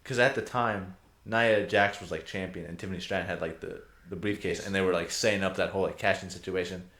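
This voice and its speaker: A young man co-hosting a podcast, telling stories in an animated way, often swearing and laughing. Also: sits low, a little fast. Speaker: podcast co-host. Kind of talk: casual chat. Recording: roomy echo.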